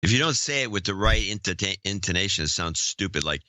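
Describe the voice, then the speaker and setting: A man's voice: low-pitched, lively intonation, fast talker, bright, forceful tone, dry recording. A man co-hosting a podcast, wry and mocking in casual talk. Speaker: podcast co-host.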